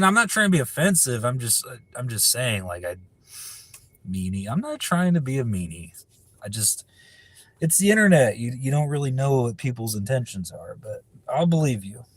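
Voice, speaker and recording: A man's voice: mid-range voice, no room sound. A man from California chatting casually on a live stream, reading viewer questions aloud and answering in a rambling, profane way. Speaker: livestreamer answering viewer chat.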